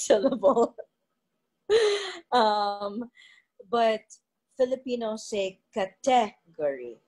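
A woman, an English teacher, who explains pronunciation tips deliberately in a casual panel discussion. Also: mid-range voice, darkish tone, poor audio.

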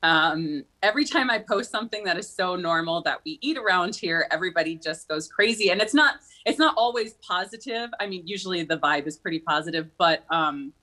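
Bright-voiced Midwestern woman from Minnesota. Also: on the low side, lively intonation, a little fast, few pauses. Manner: chatty, giggly storyteller. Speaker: guest, comedy video creator. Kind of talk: casual chat.

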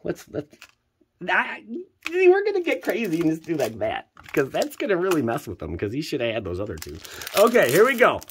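A man casually commenting as he opens card packs for viewers, excitable and joking, jumping between loud hype and quiet muttering. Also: on the high side, fairly quick, slight background noise. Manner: slangy, joking, teasing. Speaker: channel host opening card packs for viewers.

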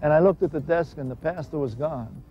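A man's voice: on the high side, brisk, faint music behind. A man giving an earnest, emphatic personal testimony. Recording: dull lo-fi recording with faint hiss.

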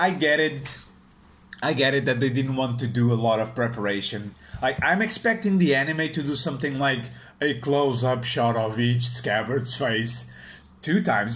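A man giving an unscripted review of a manga chapter in a relaxed, unhurried way. He speaks at a slow pace in a middle-pitched voice. He often hesitates, fills gaps with "um" and restarts his sentences.

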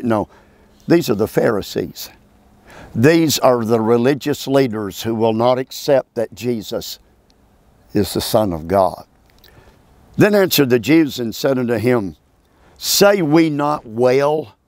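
A man's voice: mid-range voice, darkish tone, dry recording. Emphatic preaching man, dry close sound. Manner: emphatic, preacherly, calls for amens; halting restarts and repetitions. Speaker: Bible teacher. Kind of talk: expository Bible teaching.

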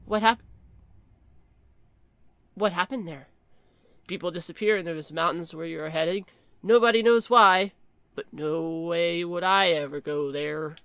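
A woman's voice: fairly low pitch, a bit bright, clean tone, dry recording, voice pushed down. A woman voicing a grave gas station owner, a man who solemnly warns a traveler away from the mountains in a game. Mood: ominous warning. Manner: grave, slow, foreboding delivery.

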